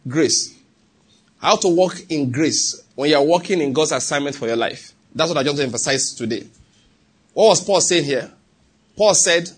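Nigerian pastor guy, husky and kinda high voiced, emphatic sermon, keeps asking the crowd if they get it. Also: expressive, moderate pace. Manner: emphatic, asks the congregation questions.

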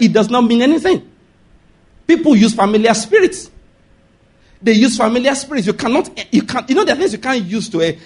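A Nigerian-accented man preaching a sermon, animated, laughing often and asking the congregation if they follow. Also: high-pitched, husky.

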